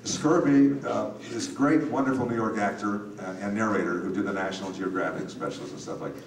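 An older man telling an animated story on a convention panel, recorded from far off in an echoey hall. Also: on the low side, a little fast, crowd noise. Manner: animated anecdote teller with acted quotes. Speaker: panel guest, voice actor.

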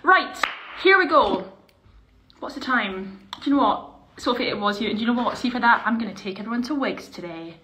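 Bright, bubbly young woman chatting. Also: on the high side, lively intonation, a little fast. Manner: chatty, bubbly, drifting into quiet mutters. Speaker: performer hosting a live stream. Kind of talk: casual live-stream chat while doing makeup. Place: small indoor room. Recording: echoey room with faint hiss.

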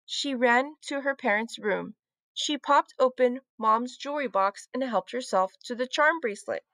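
A woman teacher reading a children's book aloud, with clear, expressive storytelling. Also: a little high, normal speed, no echo.

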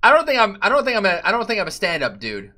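A man streaming a game and chatting loosely with his viewers, profane and given to sudden loud outbursts. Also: high voice, wildly swooping pitch, quick pace. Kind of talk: casual live-stream chat.

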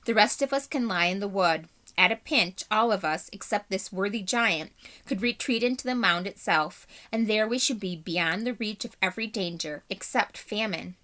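A woman's voice: moderate pace, pushed and bright. A woman teacher reading a children's novel aloud, lifting her voice a little for the characters. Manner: voices characters with small pitch lifts. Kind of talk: storybook read-aloud for children.

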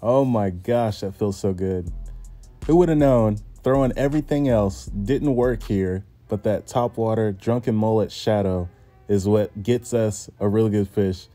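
A man, chatting excitedly to viewers in a casual fishing vlog, recorded outdoors by a pond. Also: on the low side, measured pace, no echo, soft background music. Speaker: fishing vlogger.

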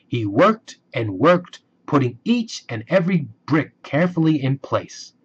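A man reading a children's storybook aloud, slow and expressive. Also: medium pitch. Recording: dull lo-fi recording.

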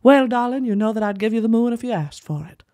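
A woman's voice: a little high, animated, quick pace, dark tone, pitched above the performer's own voice, lightly acted. A woman putting on a suave, romantic transatlantic accent to imitate a male singer as a 1950s movie star. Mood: swooning.

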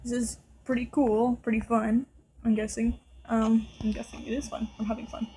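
Woman let's-play host, nervous chatter at the game characters, higher-pitched voice, faint hiss on the track. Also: flat delivery, moderate pace, dark tone, low-quality recording. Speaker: gameplay video host. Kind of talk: casual let's-play commentary.

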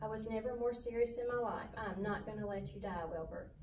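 A woman voicing a calm, wise female spider who reassures and instructs in a storybook reading. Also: mid-range voice, a little fast, echoey room, distant mic, slight background noise, lightly acted, poor audio. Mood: soothing.

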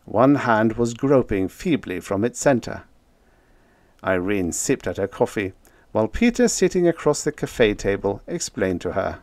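A man narrating a vintage science fiction short story in a scripted, expressive storytelling style. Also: fairly low pitch, measured pace, dry recording. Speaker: audiobook narrator.

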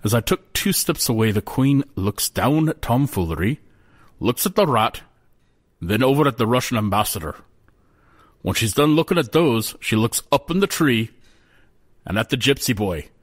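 A man telling a folk tale in a folksy, animated way. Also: mid-range voice, moderate pace. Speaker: storyteller.

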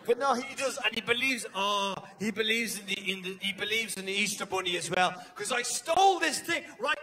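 A middle-aged Irish man doing a rambling, profane stand-up comedy set, acting out characters in quick asides. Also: sits high, lively intonation, bright, forceful tone. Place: theatre stage before a live audience. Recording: live show recording with audience noise.

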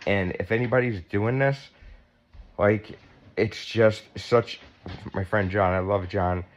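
A man's voice: fairly low pitch, steady tone, slow. A man in his fifties vlogging at home, sore and tight after surgery, chatty and blunt and swearing freely. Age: 50s. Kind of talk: casual vlog talk. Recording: dull lo-fi sound.

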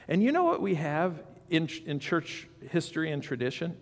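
A man's voice: fairly high pitch, sing-song, moderate pace, hardly any pauses. Man preaching in a reverberant church. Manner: conversational preaching with asides and quotes. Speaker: pastor. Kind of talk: sermon. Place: church sanctuary.

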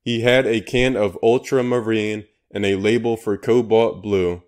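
A man's voice: lowish voice, steady tone, measured pace, darkish tone. A man narrating an audiobook in a dry, matter-of-fact manner. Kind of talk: scripted narration.

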